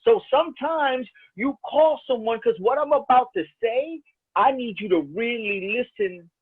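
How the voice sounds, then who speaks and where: A man's voice: very high voice, measured pace, breathy edge. A man with a New York accent, co-hosting a casual podcast, talking emphatically and swearing a lot. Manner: profane, emphatic, argues with force. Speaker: podcast co-host. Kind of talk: casual chat. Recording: tinny phone-like line.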